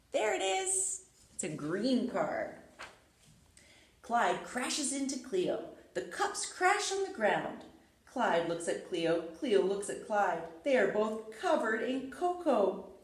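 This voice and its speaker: Lively preschool teacher lady, slow and singsongy, echoey room. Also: fairly high pitch. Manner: animated, playful, sing-song. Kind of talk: letter lesson and read-aloud for young children. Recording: roomy echo.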